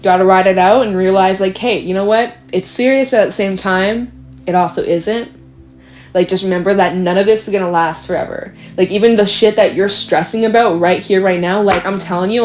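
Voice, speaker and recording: A woman's voice: medium pitch, a little fast, darkish tone. A young woman talking through a tarot reading in a loose, rambling way, full of fillers and casual swearing. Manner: rambling, chatty, swears and laughs often. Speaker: tarot reader.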